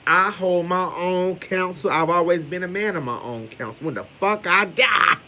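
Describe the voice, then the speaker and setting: A man giving loud, brash gossip commentary with heavy cursing. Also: high voice, moderate pace. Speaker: commentary vlogger.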